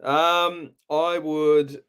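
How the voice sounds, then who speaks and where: An Australian man hosting a live stream, relaxed and chatty, often pausing on "uh" and "um" as he talks. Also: fairly high pitch, noisy background. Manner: relaxed, chatty, halting with fillers. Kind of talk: casual live stream chat.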